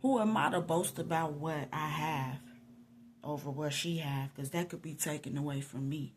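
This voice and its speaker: Animated woman, telling her story. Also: low-pitched, normal speed, slight background noise. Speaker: Christian vlogger sharing a testimony. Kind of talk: personal storytelling monologue.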